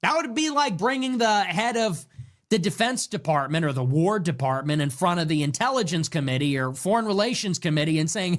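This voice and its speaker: A man on a livestream, ranting in a sarcastic, mocking tone. His voice sits high and swings widely up and down as he piles on rhetorical questions. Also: animated, fairly quick, a bit bright. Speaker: political livestream commentator.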